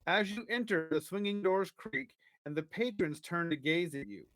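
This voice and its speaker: A man's voice: high voice, moderate pace, dry recording. A man co-hosting a podcast, chatting casually and reading an adventure story aloud to listeners. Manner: casual banter, reads the story aloud at an even pace.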